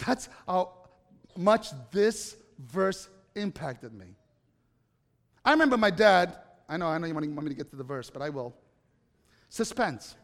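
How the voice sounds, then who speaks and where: A pastor with a New York accent delivers a storytelling sermon, his voice sitting high for a man. He acts out quotes and climbs to loud, emphatic peaks. The sound carries a long reverb from a large hall.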